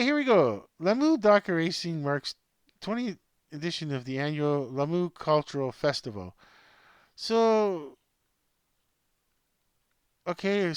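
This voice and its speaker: Talking casually and off script, a man runs his own homemade sports news show, rambling at his laptop and chatting to himself and his plush toys. His voice is fairly high and smooth, recorded at studio quality with no room sound.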